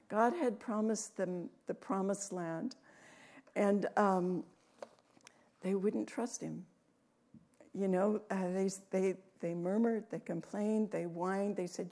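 A woman preaching in a church room, reading scripture with rising emphasis and adding chatty asides with soft laughs. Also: mid-range voice, fairly even intonation, slow pace.

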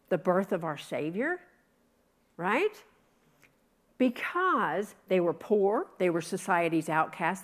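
Animated woman giving a lively sermon. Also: medium pitch. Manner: animated, dramatic, acts out reactions. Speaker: preacher. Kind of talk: Christmas sermon with scripture reading.

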